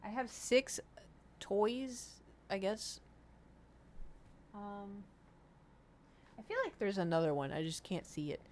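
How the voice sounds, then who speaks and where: A woman's voice: medium pitch, expressive, slow, long pauses, slight background noise. A young woman streaming from home, chatting casually and rambling to her viewers, swearing now and then. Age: young adult.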